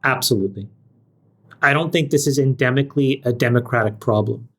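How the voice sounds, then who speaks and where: A man co-hosting a podcast panel, making his points in an emphatic, measured way. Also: mid-range voice. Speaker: podcast co-host. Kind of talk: casual panel chat.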